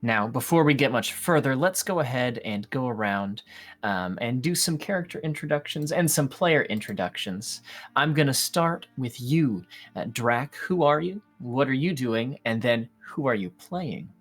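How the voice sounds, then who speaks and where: A guest game master introducing a tabletop one-shot and setting the scene in a measured way. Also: medium pitch, animated, faint music behind.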